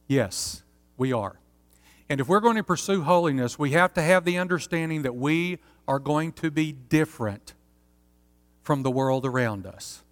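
A man preaching a sermon as pastor, earnest and steady, often asking his listeners rhetorical questions. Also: on the high side, normal speed, in a large hall.

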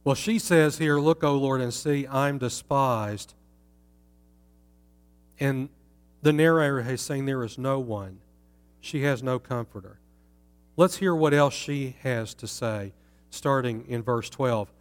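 A man's voice: mid-range voice, unhurried. A man teaching from the Bible in a conversational way, putting rhetorical questions to his listeners. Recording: long reverb in a hall.

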